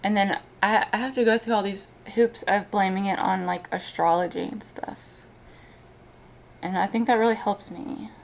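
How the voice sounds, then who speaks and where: A woman chats on her live stream, talking through something painful. Her speech comes haltingly, full of restarts and trailing thoughts, at a moderate everyday pitch. Faint noise hums behind her. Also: steady tone, creaky. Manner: emotional, halting, frequent restarts. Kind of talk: casual live-stream chat.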